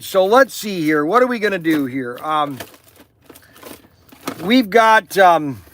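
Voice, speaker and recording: A man's voice: sits high, sharp tone. An older man who runs a toy shop talks to camera in a rambling, opinionated way, often laughing and restarting his sentences. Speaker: toy shop owner and channel host. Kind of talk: rambling casual monologue. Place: inside his store.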